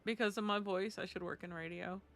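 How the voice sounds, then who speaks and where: A woman's voice: medium pitch, steady tone, a little fast, fairly bright tone. A woman chatting casually while streaming a game, telling stories and acting out the voices in her anecdotes. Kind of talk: casual gaming stream chat.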